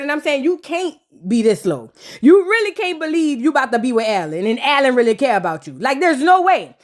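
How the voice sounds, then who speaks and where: A woman hosting a casual reality TV recap, sassy and scolding as she talks straight to the people on screen. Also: sits high. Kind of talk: casual reaction commentary.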